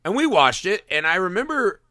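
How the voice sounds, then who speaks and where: A man's voice: high voice, very animated, a little fast, bright, forceful tone, no echo. A man hosting a casual film podcast, talking with enthusiasm and swearing freely. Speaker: podcast host.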